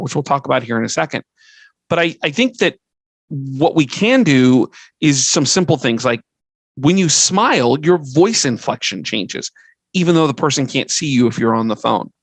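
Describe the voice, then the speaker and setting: A middle-aged podcast host who works as a fundraising consultant offers earnest advice conversationally, listing his points and frequently restarting sentences. His voice is medium-pitched, with no room sound, but the audio is poor.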